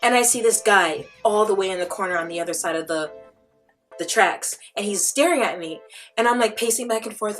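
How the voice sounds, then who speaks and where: A woman vlogger telling a story casually, animated and dramatic, with lots of "like" fillers. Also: medium pitch, fairly quick, soft background music. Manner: chatty, filler-heavy.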